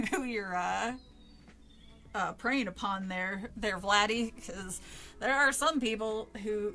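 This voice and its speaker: Woman streamer, slightly high voice, laughs a lot, swears, rambling reading with faint music behind. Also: pushed and bright. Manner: laughs often, swears freely, rambling asides. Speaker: streamer reading a horror book aloud. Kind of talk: casual live-stream reading with chat asides.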